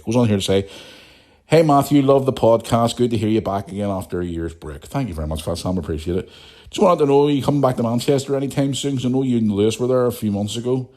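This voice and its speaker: Young male podcast host, lowish pitch, casual sweary banter. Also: mellow. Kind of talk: casual ranting chat, reading listener emails.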